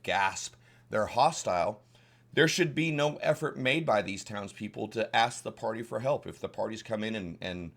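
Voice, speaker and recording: Older southern guy explaining game mastering, kinda low voice, rambly and folksy. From Southern United States. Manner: rambling, folksy, frequent restarts and fillers. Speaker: dungeon master tutorial host. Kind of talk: casual instructional talk.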